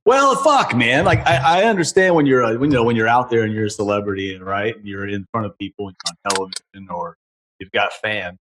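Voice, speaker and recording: A man's voice: lowish voice, quick pace, fairly bright tone. A man who wrestles professionally, telling stories in a casual chat, swearing freely and getting worked up. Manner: profane, heated storytelling. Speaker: pro wrestler guest.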